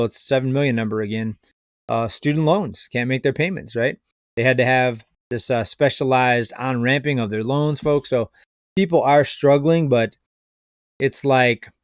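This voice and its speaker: Brief: male finance commentator, mid-pitched, skeptical and rambling, close dry mic. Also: no room sound. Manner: skeptical, rambling, addresses viewers as folks. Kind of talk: casual video commentary.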